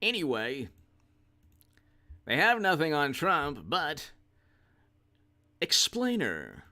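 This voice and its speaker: A man hosting casual political livestream commentary, who jokes, laughs easily and thanks viewers by name. His voice is bright and forward and sits a little above the usual male range. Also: on the high side, huge pitch swings, slow, pauses often.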